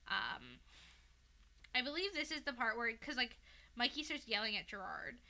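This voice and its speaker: A woman hosting a podcast tells the story of a fan fiction at a moderate pace in a fairly high, very animated, bright, and forceful voice. The retelling rambles, full of "um" and "like," and she curses freely.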